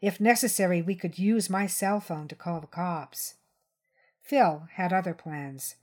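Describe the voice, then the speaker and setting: A woman reading a crime short story aloud in first person, steady and tense. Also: lowish voice, a little slow. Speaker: story reader.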